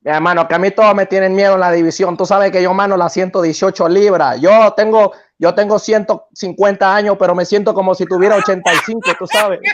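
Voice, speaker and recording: A man's voice: sits high, steady tone, racing, hardly any pauses, natural voice. A man doing a brash veteran boxer. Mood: joking. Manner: playful, brash. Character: boastful aging male veteran boxer, joking. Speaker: livestream guest. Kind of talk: comic impression. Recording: dull lo-fi call audio.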